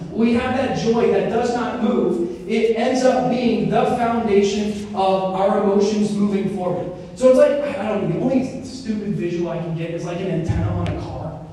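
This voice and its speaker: Young man talking in a very echoey hall. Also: sits high. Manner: animated storytelling with many fillers. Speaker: speaker on Christian formation. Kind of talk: casual talk. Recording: very echoey hall, mic far off, faint noise.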